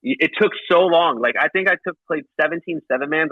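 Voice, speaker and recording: A man who plays paintball professionally, a podcast guest telling stories in a casual, animated way, full of restarts and acted-out quotes. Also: fairly quick, no room sound, phone-quality sound. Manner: animated, acts out quotes with pitch jumps and frequent restarts. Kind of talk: casual storytelling chat. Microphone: remote call line.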